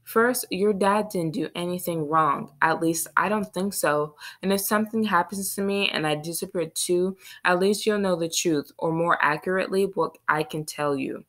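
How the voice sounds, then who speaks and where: A woman reading the part of a nervous male librarian who talks in an anxious, hushed whisper. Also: fairly low pitch, normal speed, few pauses, close to an everyday voice. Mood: eager.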